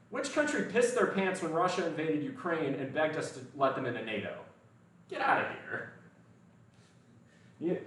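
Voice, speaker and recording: A man's voice: a little high, far from the mic. Blunt American man in an echoey room. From United States. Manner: blunt, opinionated, swears freely. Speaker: fitness livestream host. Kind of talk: casual livestream chat.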